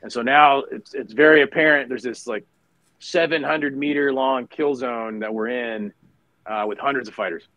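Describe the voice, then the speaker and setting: A man's voice: mid-range voice, normal speed, bright, forceful tone, no room sound, rough recording. A middle-aged man, a retired Marine officer, telling a battle story in casual conversation, full of fillers and restarts.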